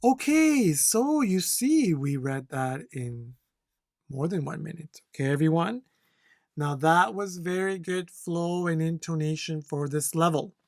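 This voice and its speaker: A language instructor teaching test-takers, talking slowly and clearly and often checking in with "okay?". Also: medium pitch, steady tone, dry recording, studio quality. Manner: slow, deliberate, repeats "okay?" to check learners. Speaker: CELPIP instructor. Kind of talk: slow, clear teaching to learners.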